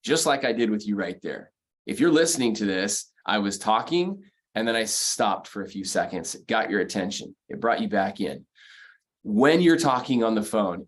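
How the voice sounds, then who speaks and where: A man's voice: lowish voice, lively intonation, moderate pace. A man coaching mortgage professionals in a motivational sales training talk, speaking emphatically, repeating key phrases and counting off numbered points.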